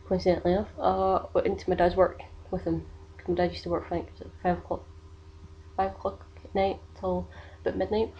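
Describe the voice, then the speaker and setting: A woman's voice: on the low side, mellow, muffled recording. Rambling young woman. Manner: rambling, many fillers like "like" and "um". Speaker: vlogger. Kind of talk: casual storytelling vlog.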